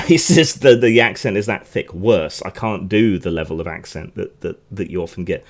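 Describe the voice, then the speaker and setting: A man's voice: sits low, a little mellow. A man hosting a podcast, talking through the news in a rambling, chatty way with frequent restarts and asides. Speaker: podcast host. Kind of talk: casual news commentary.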